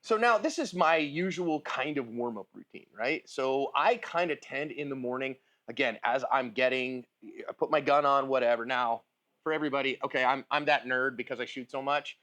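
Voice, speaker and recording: A man's voice: medium pitch, moderate pace, sharp tone. A man giving casual firearms instruction at a shooting range, talking informally and checking in with his listener. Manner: chatty, informal, asks "right?" and "okay?" often.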